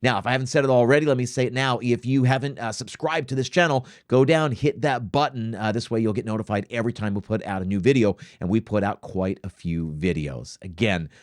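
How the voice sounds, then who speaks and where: A man's voice: mid-range voice, fairly quick, hardly any pauses, no room sound, clean studio sound. A man hosting a show, giving emphatic coaching advice to restaurant owners and often tagging his points with "right?". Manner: emphatic, rhetorical "right?" tags. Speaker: restaurant consultant, show host. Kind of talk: coaching talk to camera.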